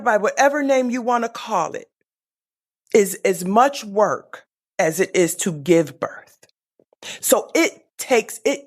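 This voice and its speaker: A woman guest telling a deeply personal story, slowly and tenderly, with soft hushed moments and a reflective manner. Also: gravelly. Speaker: podcast guest.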